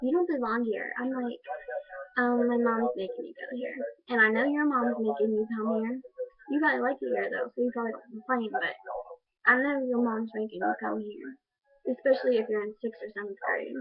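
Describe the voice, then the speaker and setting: Teen girl, high voice, chatty storytelling, lots of "like", thin phone-like webcam sound. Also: steady tone, a little fast. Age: teenager, fifteen. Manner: chatty, quotes dialogue, many "like" fillers. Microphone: built-in webcam mic. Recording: tinny lo-fi webcam audio.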